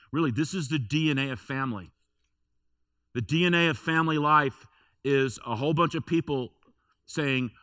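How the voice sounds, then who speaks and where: A man's voice: medium pitch, pushed and bright, dry recording, clean studio sound. A man preaching a sermon in a church, telling a personal story in a conversational way with emphatic repetition. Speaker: pastor.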